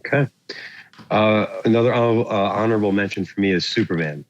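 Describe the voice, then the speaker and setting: Man with a low voice, rambling, lo-fi. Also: a little fast, slight background noise. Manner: rambling, searches for words with many fillers. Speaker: podcast co-host. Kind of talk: casual chat about movies.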